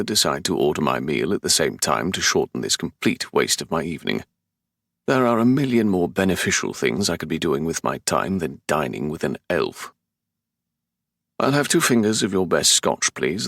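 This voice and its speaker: A man's voice: low voice, gravelly, a bit bright, no room sound. A man with a London English accent narrating a romance audiobook in the first person, with a dry, sardonic, exasperated manner. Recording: dry close studio sound.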